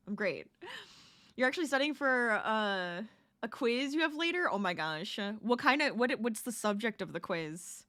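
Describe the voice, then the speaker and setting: A woman's voice: fairly high pitch, expressive, normal speed, sharp tone. A woman crafting live on stream, chatting casually with her viewers, greeting them and laughing often. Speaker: crafting livestreamer.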